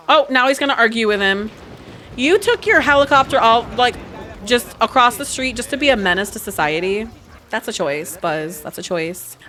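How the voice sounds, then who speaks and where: A woman hosting casual gameplay commentary, animated and laughing often as she exclaims at the game. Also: mid-range voice. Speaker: gaming channel host.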